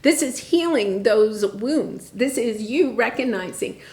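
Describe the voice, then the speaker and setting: A woman's voice: a little high, animated, slow pace, darkish tone. Chatty woman reading tarot, echoey room. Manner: chatty, encouraging, checks in with "right?" and "okay?". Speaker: tarot reader.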